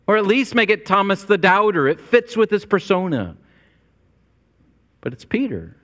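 A man's voice: on the high side, fairly bright tone. A man preaching a sermon to his congregation, earnest and storytelling, with a long church reverb. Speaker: pastor. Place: church sanctuary.

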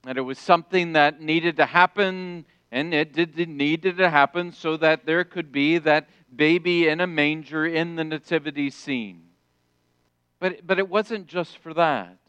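A middle-aged male pastor preaching a sermon, emphatic, rising to loud declarations and dropping soft. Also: a little high, measured pace, smooth, dry recording, dull audio.

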